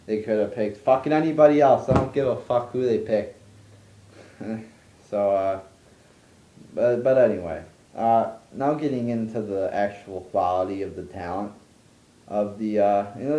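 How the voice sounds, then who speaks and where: Ranting vlogger, male, mellow low voice, swears a lot, restarts sentences, roomy room. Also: highs cut off. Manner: profane, exasperated, rambling with restarts. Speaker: wrestling commentary vlogger. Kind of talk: ranting monologue.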